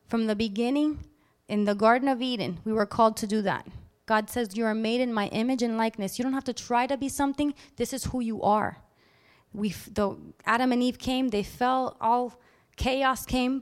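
A woman preaching a sermon in a lively, animated way, acting out little scenes sudden loud outbursts. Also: on the high side.

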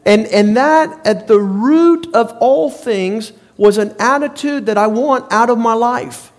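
A man delivers a sermon with a notably high voice. His delivery is emphatic and repetitive, hammering points home the way a preacher does. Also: slow pace.

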